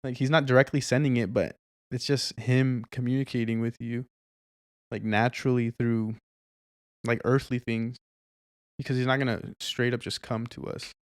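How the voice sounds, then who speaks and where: Flat-voiced young man, smooth and dry. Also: mid-range voice, normal speed, dry recording. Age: young adult. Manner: relaxed, affirming, preachy asides. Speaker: podcast co-host. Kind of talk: casual chat.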